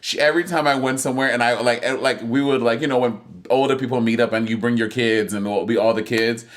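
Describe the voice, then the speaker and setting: A man's voice: mid-range voice, fairly even intonation, fast talker. A man co-hosting a podcast in casual chat, talking in a sassy, teasing and playful way. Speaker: podcast co-host.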